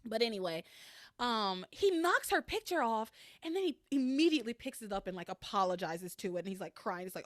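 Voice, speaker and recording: A woman hosts a casual podcast chat, her fairly high voice swinging widely in pitch as she recaps. She laughs often and swears casually. The sound is dry and close, with no room echo. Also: very animated, normal speed. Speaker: podcast host recapping a soap opera.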